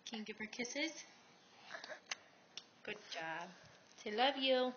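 A young woman filming her toddler at home, coaxing her in sing-song baby talk with gentle questions. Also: medium pitch, lively intonation, takes it slowly. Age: young adult. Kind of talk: home video, talking to a toddler. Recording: dull lo-fi home camcorder sound, faint hiss.

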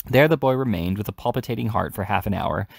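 A man reading a classic novel aloud, steady, with occasional self-corrections. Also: lowish voice, quick pace, creaky, no room sound, clean studio sound. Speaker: audiobook reader.

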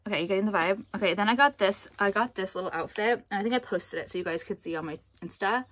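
A woman's voice: mid-range voice, fast, fairly bright tone. A young American woman chatting casually in a vlog, rambling with lots of fillers, swearing and flaring into outrage. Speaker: vlogger.

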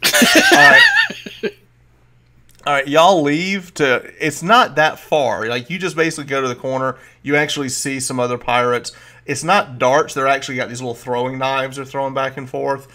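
A man's voice: mid-range voice, normal speed, bright, forceful tone. A man narrating as game master, describing scenes loosely with many fillers.

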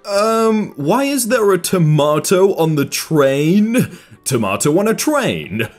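Guy reading funny posts, laughs a lot, pitch all over the place, kinda high voice. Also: slow pace. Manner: laughs often, lively voice. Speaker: YouTube host reading Reddit posts. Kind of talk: casual comedic commentary.

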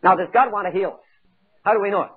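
A man whose voice sits high and slightly rough preaches at a quick pace, dramatizing a Bible story with acted-out voices and questions for the congregation. It was captured on tinny, phone-like 1980s audio tape.

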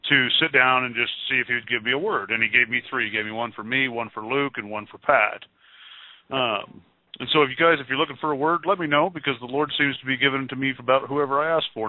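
Coming through a thin, phone-like radio line with no room echo, a call-in show co-host excitedly shares a spiritual testimony. He rambles, restarting and circling back over his words, in a mid-pitched voice.

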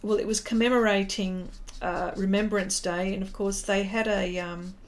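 A woman's voice: medium pitch, fairly even intonation, normal speed. A middle-aged Australian woman hosting a live art stream, chatting casually and reading out viewers' comments while she paints, with many fillers and restarts. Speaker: livestream art host.

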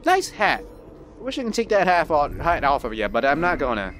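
A man's voice: wildly swooping pitch, fairly quick. A man giving casual, profane commentary while playing a video game, joking around and putting on silly voices. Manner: playful, goofy and profane, breaks into silly high put-on voices. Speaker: video game let's player.

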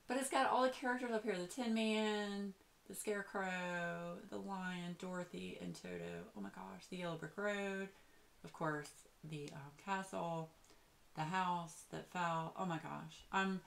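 Low-voiced gushing woman. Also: a little hiss or hum. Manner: chatty and excitable, gushing, many fillers. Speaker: craft vlogger. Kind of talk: casual show-and-tell chat.

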